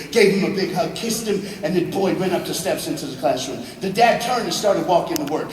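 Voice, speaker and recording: A man speaking to students as a motivational speaker, telling a dramatic story. He swings from hushed to shouting and jokes with the crowd, in a large auditorium. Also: high voice, a little fast, hardly any pauses. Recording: echoey hall, far mic, faint noise.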